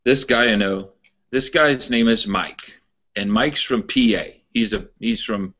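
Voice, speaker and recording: A man's voice: lowish voice, a little slow, a bit bright. A man co-hosting a wrestling podcast in casual chat, a rambling storyteller who repeats his words. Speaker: podcast co-host. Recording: dull lo-fi podcast audio.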